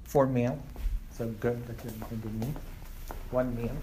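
A man teaching an Arabic class, repeating words slowly for his students. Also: mid-range voice, steady tone, noisy background. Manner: slow, repeats words for learners.

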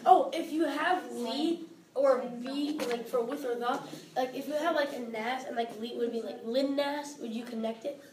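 A woman's voice: high-pitched, moderate pace. A woman student in a classroom, asking questions hesitantly with many fillers. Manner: hesitant, sprinkled with "like". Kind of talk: classroom participation. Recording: echoey room, distant, chatter behind.

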